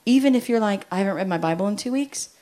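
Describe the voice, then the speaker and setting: A middle-aged woman from the United States speaks to a room of parents in an easy, chatty way. She tells stories and slips into the voices of the people she quotes, keeping her own voice at a medium pitch. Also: fast talker. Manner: chatty, animated storytelling with acted-out quotes. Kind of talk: talk to parents.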